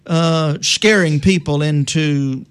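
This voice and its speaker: A man's voice: a little high, slow, smooth, dry recording. A middle-aged man explaining salvation in a conversational teaching style, often restarting sentences and quoting scripture in old-fashioned wording. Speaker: preacher.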